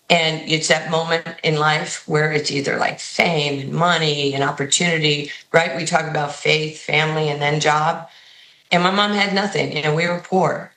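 A woman coach with a New York accent tells stories in an interview, acting out the people she quotes. Her voice is bright and forceful. The sound is roomy, with echo around her. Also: low voice. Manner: animated storyteller who acts out quoted voices. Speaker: basketball head coach. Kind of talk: radio and TV interview guest, storytelling.

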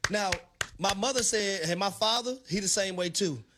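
A middle-aged man co-hosting a sports radio show, talking in a hyped, preacher-like sing-song that swells into shouts. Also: high voice, normal speed, very noisy. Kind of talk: animated sports radio banter.

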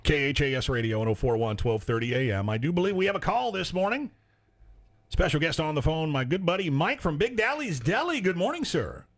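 A man's voice: a little high, animated, fairly quick. A man hosting a local call-in radio show, chatting casually and reading back phone numbers. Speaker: radio host.

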